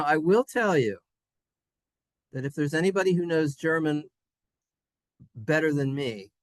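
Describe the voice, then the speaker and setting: A Hebrew teacher leading a children's reading lesson, animated and encouraging and repeating key phrases. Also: medium pitch, dry recording.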